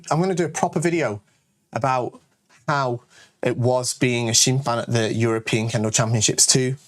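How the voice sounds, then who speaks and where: Chatty northern English man. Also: mid-range voice. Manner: chatty, jokey, self-promoting, lots of "all right?" asides. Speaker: kendo channel host and shop owner. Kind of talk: casual Q&A rant to camera.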